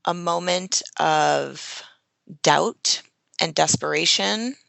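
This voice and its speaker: A woman's voice: lowish voice, very slow, creaky, fairly bright tone, no room sound. A woman guest telling a personal story in an interview, earnest and emotional, with frequent fillers. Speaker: guest, social media strategist.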